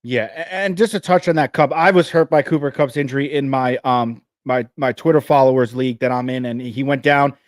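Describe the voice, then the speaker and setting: A man with a New Jersey accent hosting a live fantasy football show, talking fast and energetically with frequent restarts. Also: mid-range voice, no room sound, clean studio sound.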